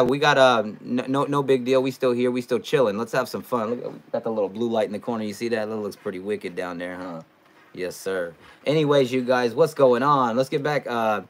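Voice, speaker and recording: A young man from California hosting a casual live stream, reading out comments in a loose, chatty way that jumps into loud excitement. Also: medium pitch. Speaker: live streamer, sports fan channel host.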